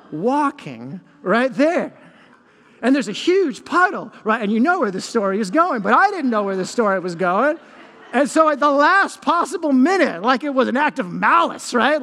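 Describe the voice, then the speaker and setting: A man preaching a sermon as lead pastor, telling animated stories with self-deprecating humor. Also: extremely high pitch, long reverb tail.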